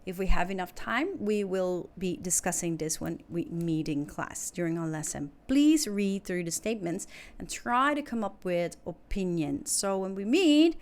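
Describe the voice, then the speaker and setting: A woman teaching an English lesson, explaining clearly and patiently, step by step. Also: on the low side, expressive, normal speed, darkish tone. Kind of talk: recorded online lesson.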